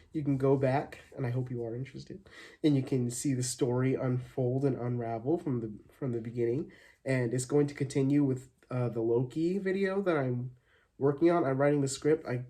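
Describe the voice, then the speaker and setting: Guy rambling thanks at his viewers, lots of ums, mellow kinda dark voice. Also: medium pitch. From Arizona, USA. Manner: rambling, upbeat, many fillers and restarts. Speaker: channel host. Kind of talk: casual thank-you vlog.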